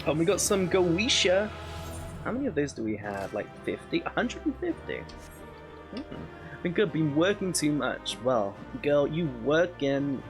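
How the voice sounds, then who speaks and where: A young man streaming a game, chatting casually with viewers, excitable and swearing freely. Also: medium pitch. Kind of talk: casual live-stream chat while gaming. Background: game music.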